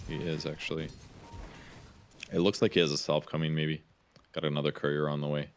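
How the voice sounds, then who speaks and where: A man with a Midwestern accent giving relaxed, analytical esports commentary on a headset, with plenty of filler words. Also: extremely low pitch, fairly quick, slight background noise. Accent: American Midwestern. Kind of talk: play-by-play analysis.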